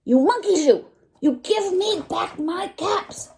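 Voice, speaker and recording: A woman voicing an angry, fed-up male cap peddler, shouting and scolding in a storybook reading. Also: slow pace, a little hiss or hum. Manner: shouting, scolding with shrill high pitch.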